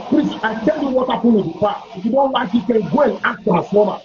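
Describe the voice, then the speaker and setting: A man's voice: extremely high pitch, lively intonation, fast talker, few pauses, lo-fi sound. A man with a Nigerian accent hosting a live call-in debate, confrontational and repetitive, talking over callers. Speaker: host.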